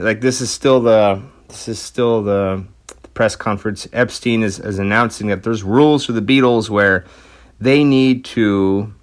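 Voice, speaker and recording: A man hosting a podcast, telling a rock history story in a loose, chatty way with lots of fillers and restarts. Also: on the low side. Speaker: podcast host. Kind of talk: casual storytelling.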